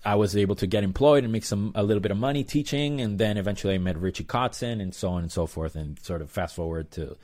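Low-voiced man telling a rambling story. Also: fast, hardly any pauses, a little mellow. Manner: rambling, loose, lots of fillers and "blah blah". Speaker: percussionist guest. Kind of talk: casual interview storytelling.

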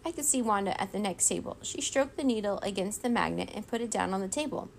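A woman reading a children's storybook aloud in a steady, expressive way. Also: mid-range voice, fast, gravelly, slight background noise. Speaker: reader.

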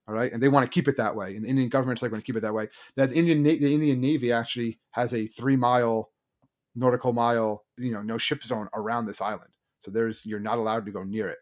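A man co-hosting a casual chat, telling a story quickly and loosely, with many fillers. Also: medium pitch, steady tone. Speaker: podcast co-host.

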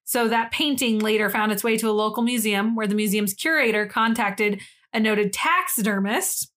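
A woman's voice: mid-range voice, moderate pace, fairly bright tone. A woman co-hosting a podcast in casual chat, rambling and self-deprecating with frequent giggles. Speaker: podcast co-host.

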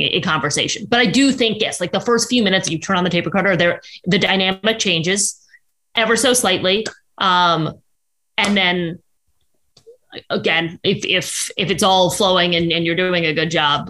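Bright-voiced chatty woman. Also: lowish voice. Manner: chatty, quick with many restarts. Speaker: guest journalist. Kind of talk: casual podcast chat.

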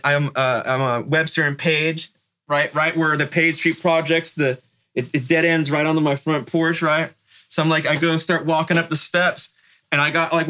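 A man from Northern California tells his story in a bright, slightly high voice. He speaks in rough street slang and loose, animated asides, and he keeps checking in with "right?" as he goes. He sounds like a middle-aged interview guest spinning a yarn. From North Bay, California.

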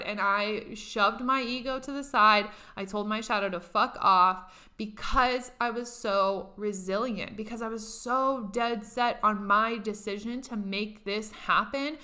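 Young woman, bright forward voice, candid and profane casual storyteller. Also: medium pitch. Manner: candid, profane, laughs often.

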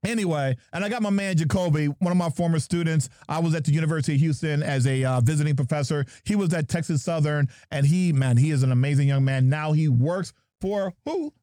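A man's voice: a little high, fairly quick, hardly any pauses, dark tone, no room sound, studio quality. A man from New Jersey hosting a podcast, joking and playful as he introduces his guests. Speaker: podcast host. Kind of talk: lively podcast chat.

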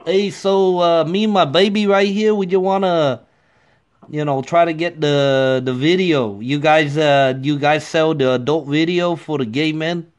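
A man voicing a bumbling male prank caller who speaks halting broken English, repeating words as he stumbles through a comedy prank call. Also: fairly high pitch, fairly even intonation, close to an everyday voice. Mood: eager.

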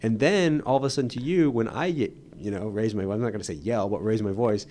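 A man in his thirties, a guest on his wife's podcast, talking in a relaxed, teasing, literal-minded way. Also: lowish voice, a little fast, slight background noise. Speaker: podcast guest, host's husband. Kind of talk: casual chat.

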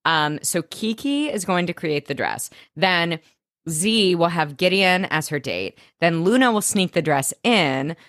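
A woman podcast co-host with a low voice that swings widely in pitch as she reacts. She talks in animated casual chat, quick to gasp and laugh. The sound is dry and close-miked. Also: no echo. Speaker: podcast co-host recapping a TV episode.

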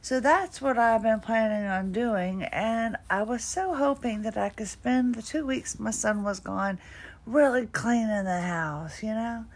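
A woman's voice: fairly high pitch, measured pace. A middle-aged woman talking casually about her day, tired and a bit drowsy, rambling with little self-deprecating laughs. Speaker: podcast host. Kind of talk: casual personal monologue.

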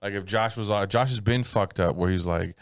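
A man's voice: fairly low pitch, brisk, dry recording, studio quality. A young man, co-hosting a podcast and telling rambling, crude anecdotes with acted-out voices. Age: young adult. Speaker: podcast co-host, comedian. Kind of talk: casual chat, storytelling.

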